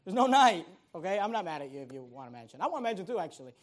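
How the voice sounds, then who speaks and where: High-voiced man preaching a sermon. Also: big pitch swings, racing. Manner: conversational preaching, rhetorical questions, rising loud emphasis. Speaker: pastor.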